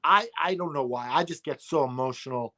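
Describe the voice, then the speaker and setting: A man's voice: fairly high pitch, brisk, bright, forceful tone, dry recording, studio quality. A man co-hosting a podcast in casual chat, boisterous and hammy. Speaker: podcast co-host.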